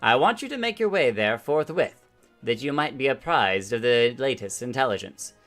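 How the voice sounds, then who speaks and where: A man's voice: medium pitch, lively intonation, normal speed, fairly bright tone, faint music behind. A man reading out a stern, commanding woman admiral from a game, in a mock-formal tone. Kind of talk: reading game dialogue aloud.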